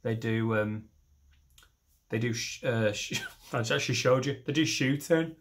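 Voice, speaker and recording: A middle-aged comedian rambling through his set in a self-mocking way. He sits at an ordinary middle pitch and keeps breaking off into little asides. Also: unhurried, a bit bright. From northern England. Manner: self-deprecating, rambling, mixes in silly voices. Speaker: stand-up comedian.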